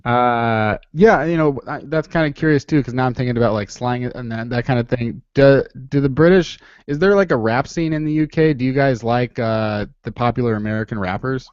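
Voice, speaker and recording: A man's voice: mid-range voice, fairly quick, few pauses, clear, resonant tone, no echo, muffled recording. A man hosting a podcast, chatting casually and teasing his guest. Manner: joking, teasing. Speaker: podcast host.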